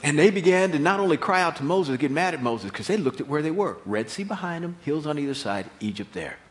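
A male preacher delivers his sermon with animated storytelling. His voice sits a little high and swings widely in pitch, and he often repeats words as he builds a point. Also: brisk.

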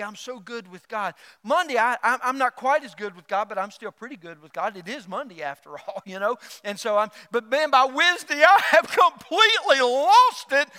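A pastor preaching a sermon, lively and joking, acting out quoted voices. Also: male voice, very high voice, in a large hall. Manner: animated, acts out quoted voices and jokes.

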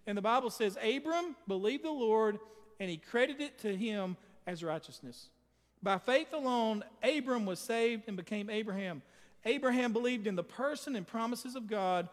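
A man's voice: high-pitched, lively intonation, normal speed, big-room sound. A man preaching a sermon, emphatic and speaking straight to his congregation. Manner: emphatic, addresses the congregation directly.

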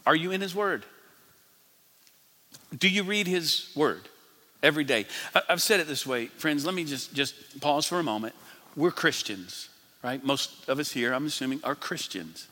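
A man preaching a sermon as pastor, emphatic, rising loud and dropping to a hush. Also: fairly high pitch, expressive, normal speed. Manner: emphatic, swings between loud and hushed. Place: large church hall. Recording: long hall reverb.

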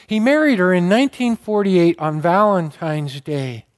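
A man's voice: high-pitched, normal speed. A man preaching a sermon, telling a story earnestly and with feeling. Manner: earnest, emotional storytelling, gets choked up. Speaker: pastor.

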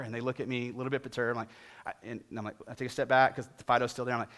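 A middle-aged male pastor preaching a sermon and telling a humorous story with animated delivery. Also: mid-range voice, racing.

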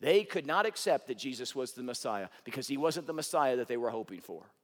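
A man preaching a sermon, telling stories with rhetorical questions and swinging from loud to hushed. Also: medium pitch, animated, fairly quick, big-room sound. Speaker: pastor.

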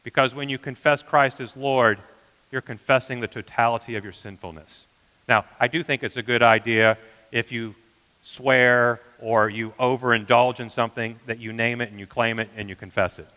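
A man preaching a sermon as pastor, earnest, often dropping to a hushed emphasis. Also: mid-range voice, steady tone, moderate pace, big-room sound, rough recording.

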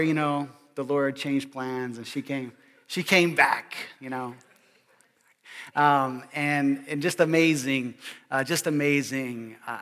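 A male pastor giving a sermon in an animated, joking way, often checking in with the congregation. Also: medium pitch, big-room sound. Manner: animated and joking, keeps asking "all right?".

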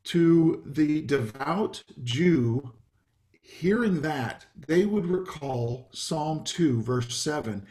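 A man's voice: a little high, expressive, drawn-out words, darkish tone. A man, a pastor, preaching a conversational sermon over a video call, with frequent ums and light asides.

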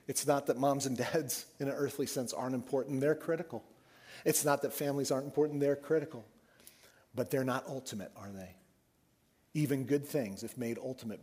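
A man preaching a sermon, telling the story with animated swings and dropping his voice soft for emphasis. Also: mid-range voice, husky. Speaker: pastor.

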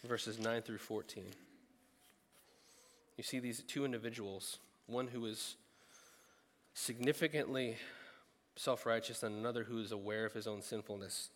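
Animated preacher man in echoing hall. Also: fairly low pitch, unhurried, pauses often. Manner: animated, acts out quoted thoughts with sudden loud bursts. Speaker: pastor. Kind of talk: sermon.

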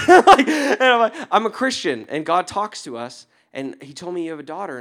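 A young adult man, a pastor, telling a story in a sermon, laughing often and dropping to a hushed tone for tender moments. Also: on the high side, big pitch swings, normal speed.

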